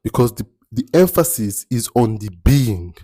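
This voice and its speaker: Emphatic man, mellow voice. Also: medium pitch, expressive, moderate pace, no room sound. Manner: emphatic, repeats key phrases, rhetorical. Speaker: mentor giving life advice. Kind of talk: motivational talk.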